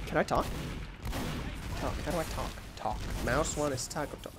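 A man hosting a gaming channel, giving excitable let's play commentary that swings into yelps and shouts when frustrated, often mocking himself. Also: on the high side, normal speed, noisy background.

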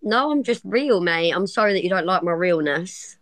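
A woman's voice: lowish voice, animated, moderate pace, no room sound. A woman speaks into a phone with a dry, close sound and no room around her. Her tone is blunt and defiant, and she throws back sarcastic retorts in a confrontational livestream chat. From Kettering, England. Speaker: livestream guest.

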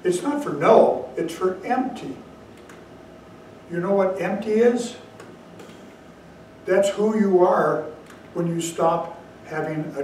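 A man's voice: a little high, darkish tone, slight background noise. Echoey, distant Zen teacher man. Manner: storytelling, slow emphatic asides. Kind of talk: dharma talk. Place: meditation hall. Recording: very echoey room, far from mic.

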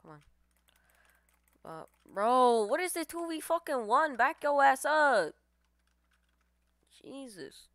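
A woman calls out her match as she plays, excitable and foul-mouthed, her pitch leaping all over the place. She trash-talks opponents between groans. The sound is close and dry, with no room around it. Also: takes it slowly, long pauses, no echo. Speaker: gamer streamer. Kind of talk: live gameplay commentary.

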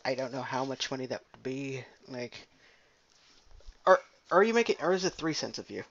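A man's voice: mid-range voice, lively intonation, moderate pace, creaky, a bit bright, dull audio. A young man rambling casually and profanely while commenting on a game he is playing. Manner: rambling, profane, jokey, trails off. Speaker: gameplay commentator. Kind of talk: casual let's play commentary.

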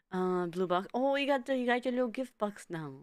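A woman's voice: on the high side, darkish tone, clear, resonant tone, no room sound, studio quality. A woman streamer chatting casually with her viewers, giggling often and stumbling over repeated words.

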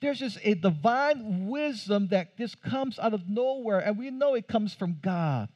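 A pastor giving a conversational sermon, asking the congregation questions and adding light humor. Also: male voice, high-pitched, animated, a little slow, a little mellow, highs cut off. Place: church.

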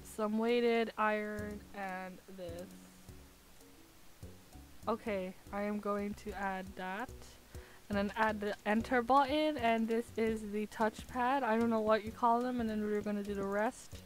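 A woman's voice: medium pitch, fairly even intonation, measured pace, soft background music. A woman streaming a building game, chatting in a self-mocking way and breaking into laughs and squeals. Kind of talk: casual game-stream commentary.

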